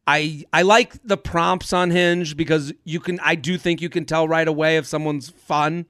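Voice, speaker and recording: A man's voice: on the high side, steady tone, moderate pace, fairly bright tone, clean tone, no echo, clean studio sound. A young man hosting a casual podcast, rambling through an anecdote with frequent restarts. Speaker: podcast host.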